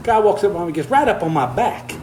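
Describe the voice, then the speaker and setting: A man's voice: high voice, lively intonation, brisk, darkish tone, a little hiss or hum, rough recording. An older man, chatting casually on a livestream, reading viewer comments while walking on a treadmill, folksy and easygoing, slightly out of breath. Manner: folksy, easygoing, chuckles often.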